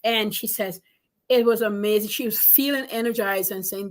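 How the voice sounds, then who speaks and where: A woman business coach giving advice in an interview, animated and emphatic, repeating her points for stress. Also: medium pitch, moderate pace.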